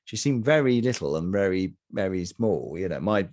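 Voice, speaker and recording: Middle-aged man, low voice, halting, lots of ums, casual review chat. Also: very animated, a little mellow. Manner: halting, many ums and restarts. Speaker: podcast co-host.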